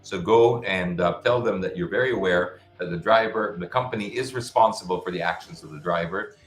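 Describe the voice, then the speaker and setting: Man, deep low voice, live show host, casual frank advice, echoey room. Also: fairly quick. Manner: casual, frank advice-giving with many restarts. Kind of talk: live-stream Q&A, answering viewer questions. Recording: roomy echo with faint music behind.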